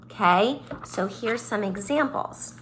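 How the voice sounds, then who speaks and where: Bright, patient woman teaching kids phonics. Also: medium pitch, slow, slight background noise. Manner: sing-song, stretches and stresses sounds for kids. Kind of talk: phonics lesson for young children.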